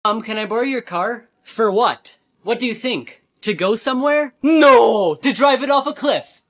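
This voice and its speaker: A man from San Diego performing short comedy skits, playing every part with sarcastic deadpan comebacks. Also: very high voice, moderate pace. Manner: sarcastic deadpan comebacks, switching between characters. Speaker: comedy creator.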